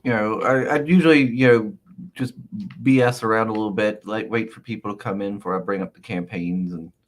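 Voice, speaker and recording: A man's voice: on the low side, fairly even intonation, fairly quick. A man hosting a casual livestream, reading out the chat and laughing along. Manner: laughing, talks back to chat. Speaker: livestream host.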